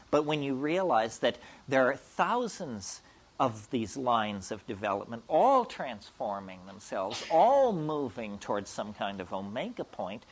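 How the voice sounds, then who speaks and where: A man giving a public lecture in a provocative, emphatic and wry way. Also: medium pitch.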